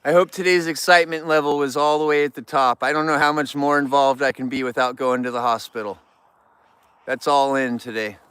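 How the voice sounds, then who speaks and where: A man's voice: mid-range voice, fairly even intonation, a little fast, fairly bright tone, clear, resonant tone, no room sound. A middle-aged man chatting casually on an outdoor live stream, repeating himself for emphasis. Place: outdoors near a barn.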